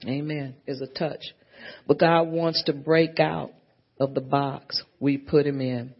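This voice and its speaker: A woman preaches a sermon at an unhurried pace, stacking repeated phrases and dropping an amen or hallelujah between her points. The recording is muffled and lo-fi, with the top end rolled off. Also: low voice, fairly even intonation. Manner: preaching with frequent amens and hallelujahs.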